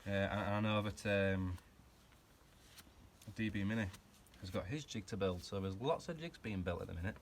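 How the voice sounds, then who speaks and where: A low-voiced man talking to camera in a home garage while he works, drifting between jokes and shop talk. He pokes fun at himself and rambles off on tangents as he goes. A faint background hum sits under his voice. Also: normal speed, long pauses. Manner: chatty, self-mocking, rambling asides while working. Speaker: hobby car restorer and channel host. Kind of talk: casual workshop vlog chat.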